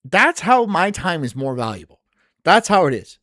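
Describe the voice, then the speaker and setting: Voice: mid-range voice, very animated, moderate pace, fairly bright tone, no room sound, studio quality. A streamer chatting casually on a live stream, ranting and venting with lots of swearing and laughing often between remarks.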